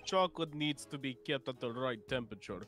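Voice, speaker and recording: A man's voice: mid-range voice, a little fast, a bit bright, soft background music, close to an everyday voice. A man voicing a blunt, sarcastic male confectioner in a fan dub of a game, curt and mocking.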